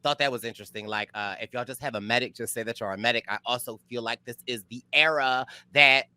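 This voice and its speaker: A man co-hosting a casual recap show, expressive and quick to laugh, with big jumps in pitch. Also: smooth, no room sound. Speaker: podcast co-host.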